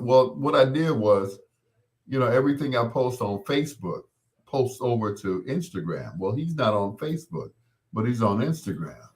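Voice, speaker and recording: A man's voice: mid-range voice, expressive, normal speed, darkish tone. A man hosting his show, telling a casual story, laughing as he acts out the people he quotes. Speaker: host.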